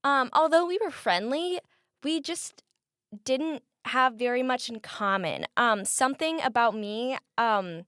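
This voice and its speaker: A woman's voice: fairly high pitch, a little slow, fairly bright tone, smooth, dry recording, studio quality. A young woman from the American Midwest, chatting casually as an interview guest, with lots of fillers and laughter.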